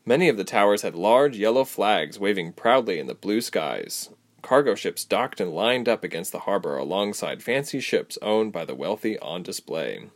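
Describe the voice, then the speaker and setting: A man's voice: on the low side, moderate pace. A man narrating a fantasy novel as an audiobook, telling it expressively. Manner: expressive storytelling.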